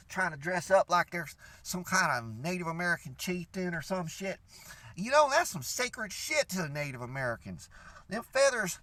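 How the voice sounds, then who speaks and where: A man's voice: high-pitched, sharp tone, no echo. A young man from Louisiana with a Cajun accent, telling a rambling, profane story in a casual rant to his viewers. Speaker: vlogger.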